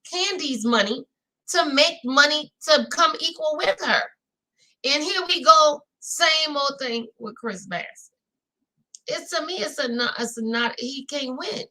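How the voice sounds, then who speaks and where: Louisiana woman host, high-ish bright voice, chatty, calls the audience y'all. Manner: chatty, talks straight to viewers with "y'all". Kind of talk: casual recap chat.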